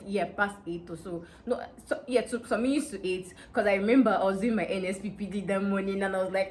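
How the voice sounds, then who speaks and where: A young woman from Delta State with a Nigerian accent, telling a casual story to her viewers in an animated, excitable way that often breaks into laughter. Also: medium pitch, fast, hardly any pauses. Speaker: vlogger.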